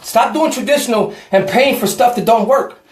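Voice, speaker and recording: A man's voice: very high voice, moderate pace, roomy sound. A man in a casual home workout vlog, out of breath and chatty, talking to the camera and to a friend. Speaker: fitness vlogger.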